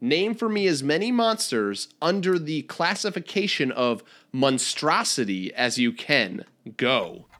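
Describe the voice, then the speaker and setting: Bright-voiced man hosting a quiz. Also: a little high, big pitch swings, measured pace, hardly any pauses. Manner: announcing, playful, laughs between rulings. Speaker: quiz host. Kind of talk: game show quiz hosting.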